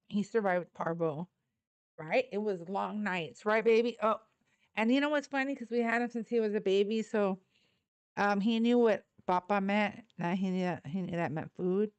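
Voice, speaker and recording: A woman's voice: mid-range voice, a little slow, smooth, dry recording. A woman hosting a livestream in casual chat, rambling and laughing often, swearing casually and cooing baby talk at her dogs. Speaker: livestream host.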